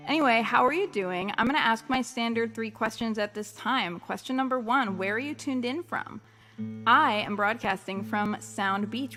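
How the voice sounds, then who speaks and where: A woman from Long Island, New York, with the local accent, is a musician chatting casually on her livestream. She jokes around while reading viewer comments, in a mid-range, slightly bright voice.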